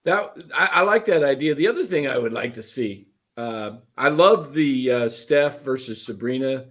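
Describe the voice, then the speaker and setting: A man's voice: medium pitch, animated, moderate pace, a bit bright. Easygoing male sports panelist. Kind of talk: casual sports talk.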